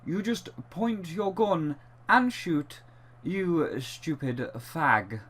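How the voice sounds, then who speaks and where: A man's voice: fairly high pitch, very animated, drawn-out words, fairly bright tone, heavily acted. A man putting on a posh British accent to read out rude chat messages in a mock-refined way. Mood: mock-prim. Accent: posh British, put on. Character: posh British man reading insults aloud.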